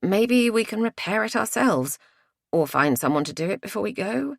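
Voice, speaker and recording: A woman reading as a fretful woman on holiday, talking fast and pressing the others to act. She sits a little above the narrator's own low voice, in a dry, close audiobook recording. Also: animated, creaky, no echo. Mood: anxious. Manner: anxious, urgent. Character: anxious British woman on holiday.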